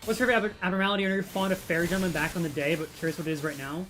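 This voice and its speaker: A man's voice: sits high, fairly even intonation, rapid-fire, fairly bright tone. A man streamer chatting casually, reading chat aloud and joking. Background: faint music.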